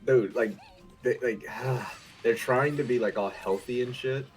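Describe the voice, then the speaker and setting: A man's voice: mid-range voice, measured pace, soft background music, rough recording. A man streaming a game and chatting casually, with blunt, profane banter. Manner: blunt, profane, laid-back. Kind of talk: casual chat.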